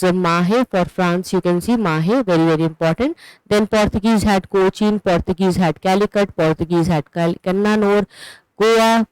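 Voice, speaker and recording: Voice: mid-range voice, darkish tone, smooth, no room sound, low-quality recording. A history teacher with an Indian English accent, giving an online exam-prep lecture, explaining step by step and checking in with "okay" while walking through a map.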